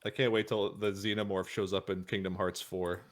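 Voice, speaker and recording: A man's voice: low-pitched, level tone, a little fast, a crowd in the background. A man co-hosting a casual podcast chat, rambling with lots of restarts. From Canada. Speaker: podcast co-host.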